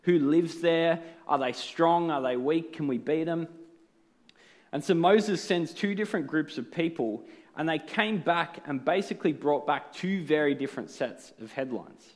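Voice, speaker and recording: A man preaching a sermon with a slightly higher-pitched voice. He explains his points earnestly and works through rhetorical questions. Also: moderate pace.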